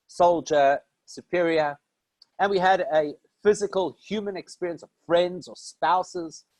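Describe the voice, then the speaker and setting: Rabbi teaching with rhetorical questions. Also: male voice, fairly high pitch, darkish tone, no room sound, poor audio. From South Africa. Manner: conversational teaching, rhetorical questions answered himself. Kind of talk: Torah lecture.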